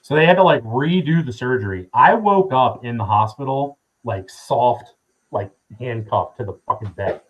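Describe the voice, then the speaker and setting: Husky man telling a rambling story. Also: mid-range voice, expressive, moderate pace, low-quality recording. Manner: profane, rambling with many fillers. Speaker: podcast guest. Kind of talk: casual storytelling.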